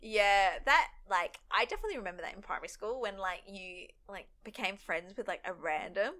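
Animated woman recapping a TV episode. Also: medium pitch, brisk. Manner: animated, acts out characters' lines mid-story. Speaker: podcast co-host. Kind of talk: casual recap chat.

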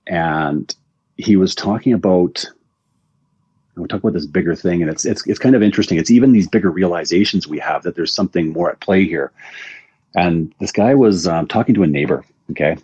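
Deep husky male guest, recovery coach, rambling casual talker, muffled dry audio. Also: a little mellow, no echo. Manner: rambling storyteller, repeats words. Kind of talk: casual interview talk.

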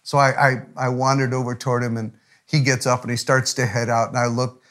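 A middle-aged man preaching a sermon as pastor, telling a story with frequent restarts and dropping to a hushed, almost whispered voice at tender moments. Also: medium pitch, flat delivery, fairly quick.

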